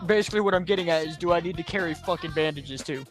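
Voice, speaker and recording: A man with a fairly high voice runs a squad debrief over game chat, blunt and quick to swear. His tone stays casual. Faint music hums underneath.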